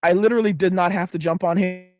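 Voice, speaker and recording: A man's voice: sits high, fairly even intonation, fast talker, darkish tone, dry recording, muffled recording, faint music behind. A man in his forties hosting a livestream, talking bluntly and profanely in a rambling way, with frequent restarts. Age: 40s. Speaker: livestream host. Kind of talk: casual ranting livestream.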